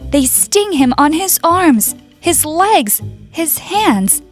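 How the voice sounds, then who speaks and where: A young woman with an Indonesian accent reading a fable aloud for a class in a slow, expressive way. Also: high-pitched. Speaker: student presenter. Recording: faint background music.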